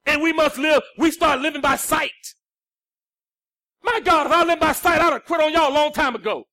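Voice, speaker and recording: High, bright preacher swinging from shouts to hush. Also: male voice, normal speed, dry recording, studio quality. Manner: preaching with sudden swings from shouts to hushed lines. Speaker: pastor. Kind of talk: sermon.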